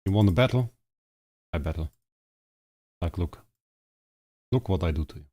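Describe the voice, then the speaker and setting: Hoarse low-voiced male game streamer. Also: moderate pace. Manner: excitable, frets over a rival player, talks to chat. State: hoarse, strained voice. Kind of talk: live gaming stream commentary.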